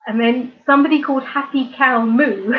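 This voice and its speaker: Through narrow, tinny audio, a woman of medium pitch talks casually with live stream viewers, rambling and full of ums and giggles. She's an art channel host from England, near London, with a southern English accent.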